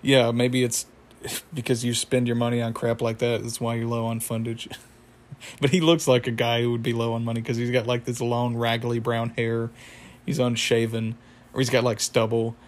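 A man's voice: mid-range voice, little pitch movement, normal speed. A man casually recapping a cartoon episode, rambling with frequent laughs. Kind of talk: casual chat.

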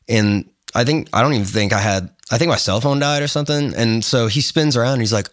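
A man's voice: medium pitch, fast talker, few pauses, dry recording, studio quality. A man on a podcast telling a long story, full of fillers and restarts, acting out the other people as he goes. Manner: rambling, lots of fillers and restarts, animated retelling. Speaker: guest photographer. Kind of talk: casual interview storytelling.

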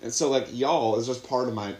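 A man's voice: mid-range voice, a little fast, darkish tone. A young man from Ohio co-hosting a casual podcast, chatting in a rambling way full of fillers. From Ohio, USA. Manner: rambling, filler-heavy storytelling. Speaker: podcast co-host. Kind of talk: casual chat. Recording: roomy echo.

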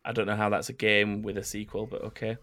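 A man's voice: fairly low pitch, flat delivery, fast talker, bright, forceful tone. A man hosting a casual podcast quiz, swearing and laughing as he reads out the questions. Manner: sweary, laughs often while reading questions. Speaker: quiz host.

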